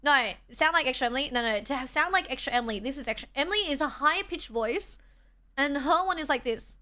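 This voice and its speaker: Brief: young woman, high and bright, chatty live-stream host, a bit travel-worn. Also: animated, fast talker. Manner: chatty, reads chat aloud, self-deprecating. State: tired from travel. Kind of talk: casual live-stream chat.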